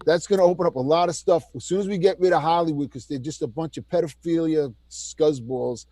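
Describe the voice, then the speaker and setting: A man co-hosting a heated political chat, talking in an animated, mocking, ranting way. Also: on the high side, brisk, no echo. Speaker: co-host.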